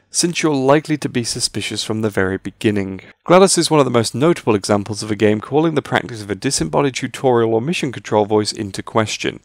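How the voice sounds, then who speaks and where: A man's voice: lowish voice, no room sound. Man narrating with dry sarcasm. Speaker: video essay narrator. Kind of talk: scripted video essay narration.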